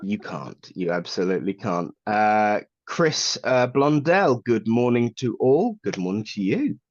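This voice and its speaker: A man's voice: on the low side, big pitch swings, a little slow, no room sound. Man co-hosting a chatty morning show, jokes and laughs a lot, dull lo-fi sound. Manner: jokey, laughs often, slips into a radio-DJ delivery. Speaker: co-host of a live psychic show. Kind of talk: casual morning-show chat.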